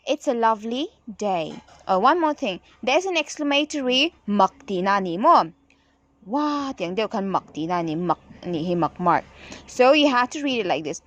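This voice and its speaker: A woman's voice: mid-range voice, expressive, normal speed, dry recording. A woman teacher with a Mizo accent, explaining an English children's poem to her students in a sing-song classroom reading voice. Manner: sing-song reading with exaggerated rises and drops.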